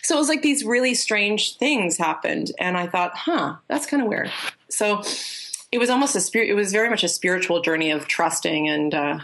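A woman who works as a life coach tells stories at normal speed in a casual interview, rambling and restarting, animatedly acting out what people said in a higher voice. Slight background noise can be heard.

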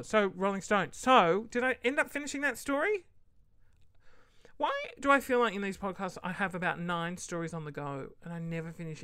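With a lowish, slightly bright voice, a podcast host rambles chattily through her solo show. She acts out the voices she quotes and drops into whispered asides without warning. There's no room sound on the dry recording.

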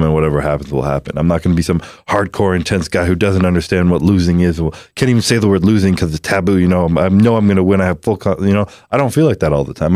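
A man's voice: low voice, a little mellow, no room sound, studio quality. A young Canadian man with a lisp, a podcast guest talking candidly with lots of fillers and swearing. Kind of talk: casual podcast conversation. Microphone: headphones on, studio mic.

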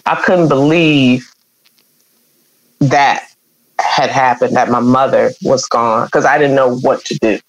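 A woman's voice: rumbling low, steady tone, slow pace, long pauses, poor audio. A middle-aged woman, earnestly telling an emotional personal story as an interview guest. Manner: emotional, earnest, acts out quoted voices.

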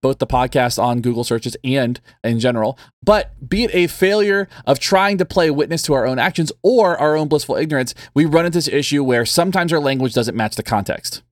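A man's voice: medium pitch, animated, brisk, hardly any pauses, no echo, clean studio sound. A man co-hosting a casual podcast, talking in a loose, rambling way full of fillers. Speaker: podcast co-host.

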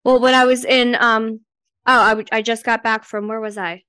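A woman's voice: on the high side, flat delivery, moderate pace, bright, forceful tone, clear, resonant tone, no echo, clean studio sound. A woman with a New Jersey accent co-hosting a podcast, chatting casually with many fillers and incredulous teasing. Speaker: podcast co-host. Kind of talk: casual chat.

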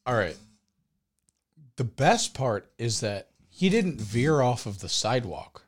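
A young man telling a podcast story in a slow, unhurried way, his pitch swinging widely as he gets into it. He keeps breaking into laughter and shouts out the lines he quotes. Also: sing-song, husky. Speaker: podcast co-host. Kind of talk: casual storytelling chat.

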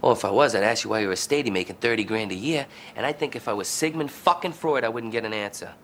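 An actor playing an aggressive police captain, taunting and cursing in a film clip. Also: male voice, lowish voice, fast talker, a little hiss or hum. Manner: taunting, profane, shouting.

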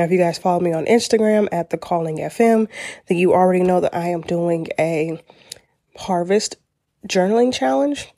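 A young mom hosting a podcast, talking casually and encouragingly about faith and mindset, laughing often. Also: female voice, lowish voice, warm tone, no room sound, studio quality. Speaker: podcast host.

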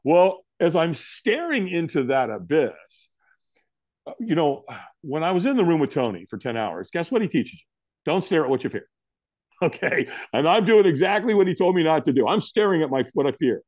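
A man's voice: normal speed, no room sound, studio quality. A middle-aged man, a guest in an interview, telling a story and acting out what people said to him. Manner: animated, acts out quotes with big pitch jumps.

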